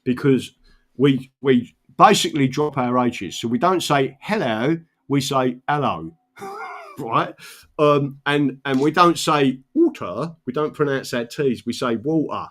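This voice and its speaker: A man's voice: medium pitch, measured pace, fairly bright tone. Male host, South London accent, chatty storyteller, mid-range voice. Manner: rambling, anecdotal, frequent "right?" asides and laughs. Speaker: political livestream host. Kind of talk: casual chat, storytelling.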